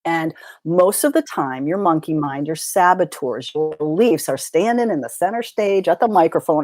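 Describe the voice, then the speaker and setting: A woman's voice: fairly low pitch, expressive, normal speed, hardly any pauses, a little mellow, no room sound. A middle-aged woman, a mindset coach, talking brashly and casually in an interview and swearing freely.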